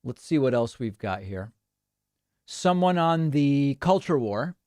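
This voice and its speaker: A man's voice: medium pitch, expressive, slow pace, darkish tone, clean tone, dry recording, clean studio sound. A man hosting a live-stream show, chatting casually and reacting to listener voicemails and chat messages. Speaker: show host.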